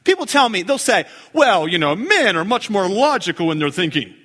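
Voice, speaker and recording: Animated preacher with a high, lively voice. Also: male voice, normal speed, big-room sound. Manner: animated, dips into low hushed emphasis and jumps high for jokes. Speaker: pastor. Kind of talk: sermon.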